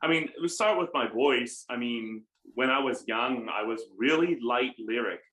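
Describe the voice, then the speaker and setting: A middle-aged American man, an opera baritone, telling animated stories with self-deprecating humor in a conversational interview. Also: moderate pace. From United States. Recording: roomy room echo.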